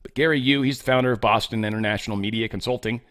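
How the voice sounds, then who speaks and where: A man's voice: mid-range voice, steady tone, rapid-fire, a bit bright, smooth. A man hosting his own show, reading news stories aloud and riffing on them in a rambling, sarcastic way with profane asides. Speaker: podcast host. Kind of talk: casual news commentary monologue.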